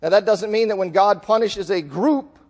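A man's voice: high-pitched, moderate pace, darkish tone, in a large hall. A man preaching a conversational Bible lesson to a church, acting out quoted voices as he goes. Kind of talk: sermon. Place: church auditorium.

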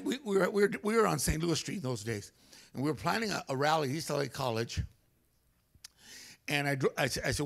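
Lively, gravelly-voiced man preaching. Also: a little high, brisk, pauses often. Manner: animated, comic, acts out voices. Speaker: guest preacher. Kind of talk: humorous storytelling sermon. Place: church sanctuary.

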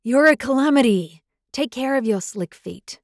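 A woman's voice: mid-range voice, normal speed, darkish tone, no room sound, studio quality, lightly acted. A woman voicing a stern, curt young male werewolf alpha in an audiobook. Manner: curt, disapproving. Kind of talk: audiobook character voice.

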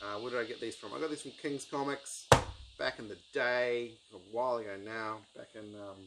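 A man chats through his book collection in a loose, rambling way, full of ums and restarts. His voice sits at an ordinary middle pitch. Crickets and outdoor ambience come through clearly behind him. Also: steady tone, fairly quick, noisy background. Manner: rambling, enthusiastic, lots of ums. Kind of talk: casual book review vlog.

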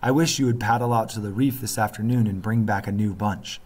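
A man's voice: fairly low pitch, steady tone, brisk, darkish tone, close to an everyday voice. A man reading aloud, voicing a worried, protective island mother from a storybook who scolds her son. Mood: scolding.

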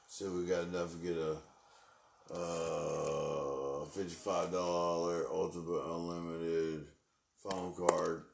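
A man's voice: deep voice, little pitch movement, takes it slowly, creaky, reverberant. A man talking live from his home into a phone, agitated and cursing as he rambles. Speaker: livestreamer. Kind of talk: live-stream rant. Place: at home indoors.

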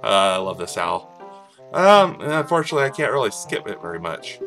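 Casual gaming host, playful and jokey, animated delivery that jumps around in pitch. Bright tone, faint game music underneath. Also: male voice, a little fast, creaky. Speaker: let's play host. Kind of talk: casual gameplay commentary.

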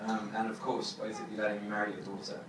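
A young man giving his wedding toast as the groom, halting with many fillers and fighting back tears. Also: lowish voice, flat delivery. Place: wedding reception hall. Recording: echoey hall from far off, crowd noise.

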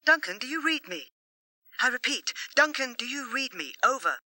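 A reader voicing a mother calling over a crackling radio, quiet and distant, in a storybook audiobook. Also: sits high, very animated, moderate pace, no echo, pitched above the performer's own voice, full character voice. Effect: radio static.

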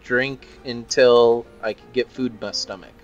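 A man's voice: medium pitch, fairly even intonation, moderate pace, highs cut off, soft background music, lightly acted. A man voicing a wry Irish drifter in an Old West town, with a put-on Irish accent.

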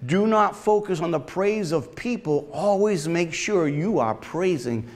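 A man's voice: high voice, animated, unhurried. A male pastor preaching a sermon in a church, talking conversationally and calling on the congregation to answer back. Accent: regional accent. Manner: conversational preaching with call-and-response. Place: church sanctuary.

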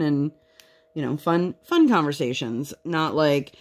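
A woman's voice: deep voice, animated, moderate pace. A woman in her thirties chatting casually at home while she works on a craft project, telling candid stories and now and then putting on voices when she quotes people. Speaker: craft vlogger.

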